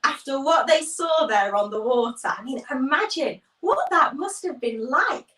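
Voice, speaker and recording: A woman with a high voice, speaking a little slowly, leads a children's church livestream. She animatedly tells a Bible story, acting out the voices and greeting viewers as she reads their comments. The mic is distant and off-mic in an echoey room.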